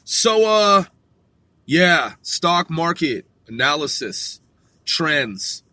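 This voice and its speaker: A man's voice: on the high side, sing-song, drawn-out words, bright, forceful tone, no echo. A man hosting a rambling solo talk from a car, loose and profane, laughing at himself. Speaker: podcast host.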